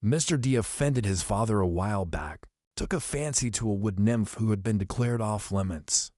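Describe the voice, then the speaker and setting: Guy doing a wise old centaur teacher, low voice, measured and calm, storybook reading. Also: dry recording, clean studio sound, natural voice. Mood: wry.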